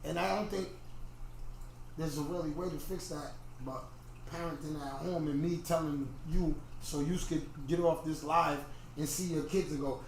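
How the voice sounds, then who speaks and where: A man's voice: a little high, fairly even intonation, normal speed, gravelly. A middle-aged man hosting a podcast, ranting in a casual livestream monologue and often repeating himself. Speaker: podcast host. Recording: very echoey room, faint noise.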